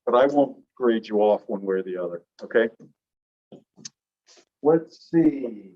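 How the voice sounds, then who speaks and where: A man teaching a classroom lecture on English sounds, relaxed and explanatory, slowing down to demonstrate words. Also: fairly low pitch. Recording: dull lo-fi classroom recording.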